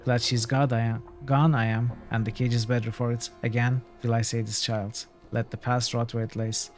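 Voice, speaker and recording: A man reading aloud the lines of an old, superstitious woman in a game, voicing her fearful, folksy warnings in his own plain voice at a middling pitch. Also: level tone, normal speed, soft background music, lightly acted. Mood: weary. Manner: archaic folksy speech, fretful warnings.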